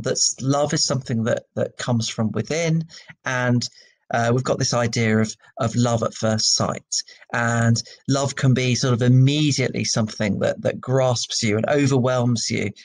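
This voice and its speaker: Man teaching a poetry lesson. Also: medium pitch. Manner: conversational, many ums and restarts. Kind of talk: recorded classroom lesson.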